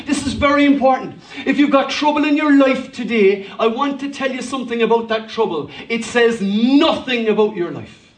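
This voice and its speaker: A man's voice: very high voice, expressive, moderate pace. A male pastor preaching a sermon emphatically, with rhetorical questions and humor, in a church hall. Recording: echoey hall, voice from a distance.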